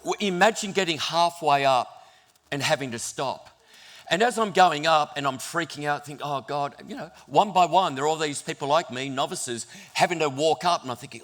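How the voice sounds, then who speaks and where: Animated pastor preaching. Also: male voice, fairly high pitch, fairly quick. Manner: storytelling, animated, self-deprecating. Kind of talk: sermon. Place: church.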